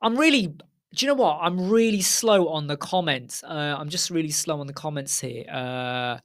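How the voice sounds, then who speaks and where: A man's voice: a little high, normal speed, a bit bright. A middle-aged man hosting a casual live Q&A stream from home, talking frankly and straight to his viewers. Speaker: host.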